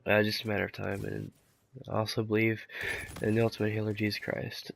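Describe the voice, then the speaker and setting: Gravelly-voiced man with a sick voice. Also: on the low side, completely flat delivery, fairly quick. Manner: rambling, lots of fillers, laid-back. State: sick, rough voice. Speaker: gaming commentator. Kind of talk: casual gameplay commentary.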